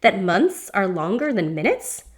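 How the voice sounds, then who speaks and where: A woman's voice: medium pitch, sing-song, a little slow, slightly rough. A woman reading as an exasperated, snappish woman. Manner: yelling, snappish. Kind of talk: reading a book aloud.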